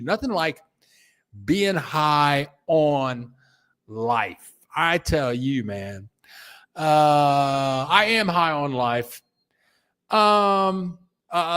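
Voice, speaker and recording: An older man talks in a relaxed live-stream chat. His voice sits a little high, and he tells his stories at an unhurried pace with a very animated, swooping pitch. He stops now and then to read viewer comments aloud. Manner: storytelling, reads viewer comments aloud, chuckles. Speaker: vlogger.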